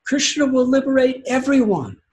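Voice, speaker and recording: A man's voice: extremely high pitch, big pitch swings, normal speed, a little mellow, voice pushed up. A man voicing a loving divine teacher whose voice is choked with tears, speaking tenderly and reassuringly.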